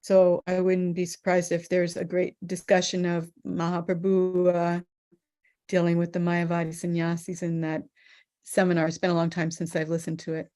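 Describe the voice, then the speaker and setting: A woman moderating an online scripture study discussion, speaking thoughtfully with frequent pauses and fillers. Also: fairly low pitch, completely flat delivery, dark tone. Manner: thoughtful, hesitant, many fillers.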